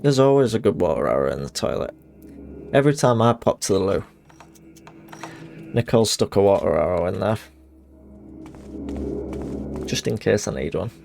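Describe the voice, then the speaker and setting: Brief: young guy, game streamer, somewhat low voice, rambly anecdotes that act out quotes. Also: lively intonation, normal speed, creaky, pauses often, darkish tone, soft background music. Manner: rambling storyteller, acts out quotes. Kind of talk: casual chat while gaming.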